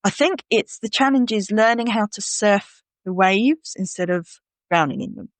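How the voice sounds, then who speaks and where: A woman's voice: medium pitch, moderate pace, dry recording. Chatty woman podcast host, dry close sound. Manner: chatty, acts out her inner voice in little quoted scenes. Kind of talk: casual chat.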